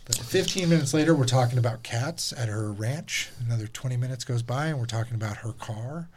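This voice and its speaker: A man hosting a podcast, telling stories in casual chat, animated and swearing freely as he acts out the people in them. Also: mid-range voice, brisk, slight background noise. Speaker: podcast host.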